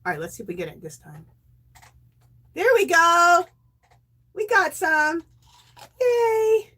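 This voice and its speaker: High-pitched giggly lady hosting a craft live from home, voice bouncing all over. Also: wildly swooping pitch, measured pace, pushed and bright. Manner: bubbly, laughs often, thanks viewers by name. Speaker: livestream host of a knitting and crochet show. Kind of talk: casual livestream chat with viewers.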